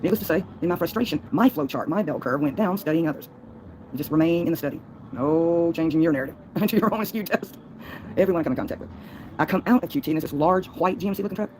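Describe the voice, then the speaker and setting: A woman's voice: lowish voice, fast talker, a little mellow, slight background noise, low-quality recording. A woman livestreaming a long, folksy, rambling monologue, laughing between thoughts.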